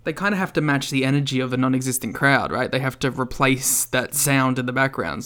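A man's voice: mid-range voice, fairly quick, hardly any pauses, a bit bright. A man co-hosting a casual wrestling podcast, dry and wry with joking asides. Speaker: podcast co-host.

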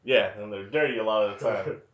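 A man's voice: lowish voice, quick pace. A man in his thirties co-hosting a podcast, chatting about a movie in a sardonic, casual way with plenty of swearing. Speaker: podcast co-host. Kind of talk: casual movie review chat. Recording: echoey room, dull lo-fi sound.

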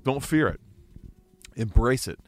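A man co-hosting a casual book club chat, earnest and quick to laugh. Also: medium pitch, no echo. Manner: earnest, animated, laughs easily. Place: indoor studio with mics.

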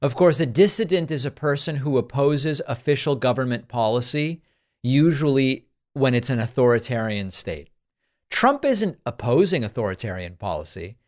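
A man hosting a political commentary show, sarcastic and incredulous as he reacts to clips. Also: medium pitch.

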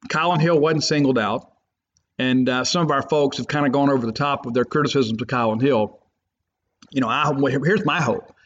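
A man's voice: mid-range voice, moderate pace. Opinionated man on muffled audio. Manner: emphatic, rambling, fan loyalist. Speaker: sports podcast host. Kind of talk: opinionated sports talk.

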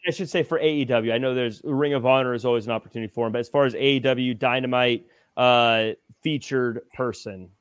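A man's voice: mid-range voice, steady tone, brisk, clean tone, no room sound. A man hosting a wrestling podcast, recapping matches and putting questions to his co-hosts in casual chat. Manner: leads discussion, recaps matches, asks questions. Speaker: podcast host.

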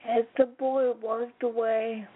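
A woman host reading a children's story aloud, slowly and carefully. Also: a little high, little pitch movement. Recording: noisy phone-like line.

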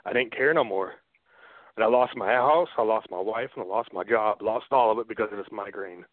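An earnest man speaking candidly and haltingly, his voice coming through a thin, narrow phone line. The sound is dry with no room around it. He tells his own story as a radio guest. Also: on the low side, no echo. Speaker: interview guest. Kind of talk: personal faith testimony on a phone-in radio show.

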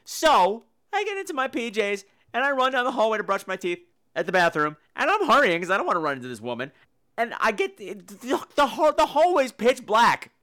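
A man's voice: high voice, brisk. A man hosting a podcast, telling a personal story in a theatrical, comedic way, swearing freely. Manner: animated, profane, theatrical, acts out quotes. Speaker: podcast host.

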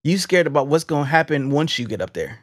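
A man's voice: a little high, very animated, fast talker, no echo. A man hosting a faith-based interview podcast in a studio, talking with enthusiastic, preacherly energy and often repeating his words. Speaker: podcast host.

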